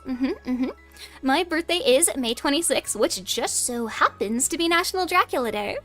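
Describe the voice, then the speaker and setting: Young woman vtuber w/ a high voice, teasing bossy commander bit, faint music behind. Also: expressive, normal speed, fairly bright tone. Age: young adult. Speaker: VTuber streamer. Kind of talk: in-character debut stream.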